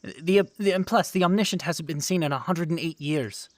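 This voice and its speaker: A man's voice: fairly high pitch, moderate pace, no echo. A man narrating a tabletop role-playing game as game master, talking loosely with many fillers and restarts.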